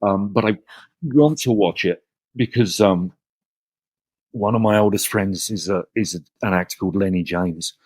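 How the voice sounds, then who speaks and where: A middle-aged man talking as a guest on a podcast, his voice sitting a bit low. He chats in a loose, self-deprecating way, looping back to restart his phrases. The sound is dry and close. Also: normal speed, a little mellow, breathy edge, no room sound. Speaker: actor guest. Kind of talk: casual interview chat.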